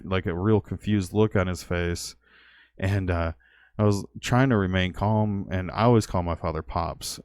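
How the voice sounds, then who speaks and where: A young man vlogging, telling a personal story in a halting, heartfelt way. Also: sits low, smooth, dry recording, studio quality. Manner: halting, heartfelt, with nervous laughs.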